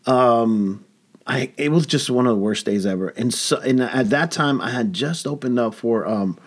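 Comedian guy rambling thru a story on a podcast, swears a lot, mid pitch. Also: normal speed. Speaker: stand-up comedian guest. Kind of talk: casual podcast chat.

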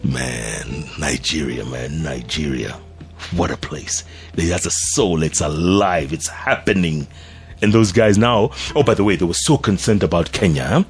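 A man's voice: extremely low pitch, measured pace, faint music behind. A male radio host telling a casual anecdote and acting out the voices of the people he quotes.

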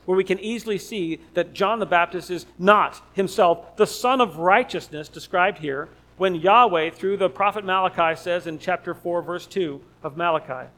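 Man, preacher, high-pitched voice, emphatic, repeats key phrases, sermon delivery. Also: normal speed, hardly any pauses, a bit bright, poor audio. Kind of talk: expository sermon.

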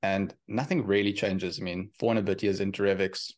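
Low-voiced guy talking fast, founder guest on a podcast, lots of "i mean" and "like". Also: little pitch movement. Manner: fast, explanatory, frequent "I mean" and "like". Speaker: crypto company founder, guest. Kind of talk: podcast conversation.

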